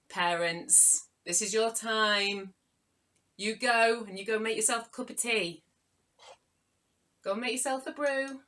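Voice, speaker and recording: A young woman, a children's author, leading a live online writing workshop for young children, playful and animated, greeting viewers by name with frequent gasps. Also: lowish voice.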